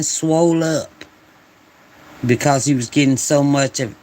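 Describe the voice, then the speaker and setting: A man hosting a reaction video, talking casually with slow, drawn-out phrasing and laughing asides. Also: on the high side. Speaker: reaction channel host.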